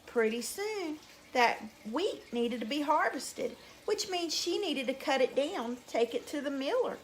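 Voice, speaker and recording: A teacher reading a folk tale aloud to young children, animated and drawn out. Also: female voice, high-pitched, a little hiss or hum.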